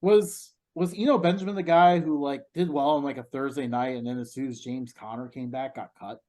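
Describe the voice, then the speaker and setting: A man's voice: medium pitch, steady tone, fairly quick, dark tone, low-quality recording. Hedging young man talking football. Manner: thoughtful, hedging, many ums. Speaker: sports podcast co-host. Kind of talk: casual sports talk.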